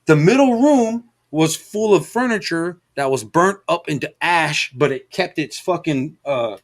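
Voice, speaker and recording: With a higher, expressive voice and an unhurried delivery, a middle-aged LA-area stream host rambles through a long story during casual chat. He curses a lot and leans on filler words.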